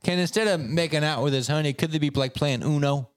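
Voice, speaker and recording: A man's voice: a little high, fast, clear, resonant tone, no room sound, clean studio sound. A man co-hosting a casual podcast, joking and teasing his co-hosts with playful interruptions. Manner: jokey, interrupts, teasing asides. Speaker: podcast co-host. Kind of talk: casual chat.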